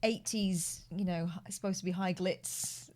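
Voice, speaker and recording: A woman's voice: on the low side, steady tone, unhurried, a little mellow. Female co-host, chatty, easy laugh, casual banter. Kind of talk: casual live show chat.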